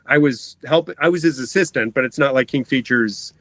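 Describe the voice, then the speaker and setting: A middle-aged man with a medium-pitched voice speaks briskly, with few pauses, as a cartoonist guest in a casual interview recorded in his home basement. He rambles, frequently breaks off mid-sentence, and laughs; there is no room sound.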